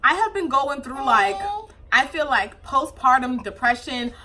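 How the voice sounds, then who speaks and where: Chatty bright-voiced young woman vlogger. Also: sits high, a little slow. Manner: chatty, animated, loose with fillers. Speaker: mom vlogger. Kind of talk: casual chat to camera.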